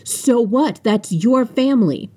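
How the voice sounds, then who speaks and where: A woman's voice: fairly high pitch, sing-song, normal speed, dark tone, breathy edge, pitched above the performer's own voice. A woman reading a hurt young heroine in a storybook, arguing heatedly and raising her voice. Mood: angry. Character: hurt, angry young woman holding back tears.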